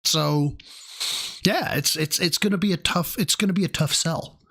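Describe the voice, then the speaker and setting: A man's voice: a little high, moderate pace, gravelly, fairly bright tone. A man co-hosting a live stream, thanking viewers and giving crude, profane, mocking commentary. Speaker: streamer co-host. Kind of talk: casual live-stream chat.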